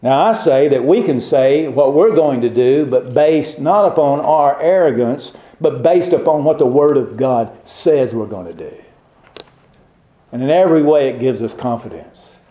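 A man's voice: medium pitch, lively intonation, moderate pace, dark tone, dull audio. A man preaching a sermon, emphatic and fond of rhetorical questions. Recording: roomy echo.

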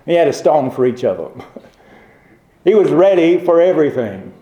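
A male preacher delivering a sermon in a warm, mellow voice, emphatic and throwing rhetorical questions to his listeners. The sound is roomy and echoey. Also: on the high side, big pitch swings, moderate pace. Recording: roomy echo.

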